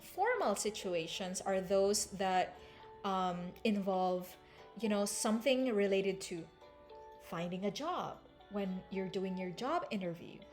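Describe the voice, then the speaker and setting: Slow, patient woman teaching English. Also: medium pitch. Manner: explanatory, repeats phrases to demonstrate intonation. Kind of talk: language lesson.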